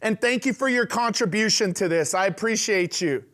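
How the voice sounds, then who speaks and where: A man's voice: sits high, moderate pace, fairly bright tone. A man hosting a live event, enthusiastic and encouraging toward his guest. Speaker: host.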